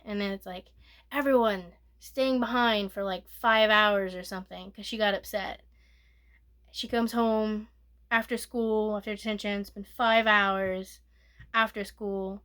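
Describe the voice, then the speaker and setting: A woman giving a soft-spoken ASMR movie recap, rambling and correcting herself, sometimes dropping to a whisper. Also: medium pitch, fairly even intonation, measured pace. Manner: rambling, self-correcting retelling with filler "like". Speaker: movie reviewer.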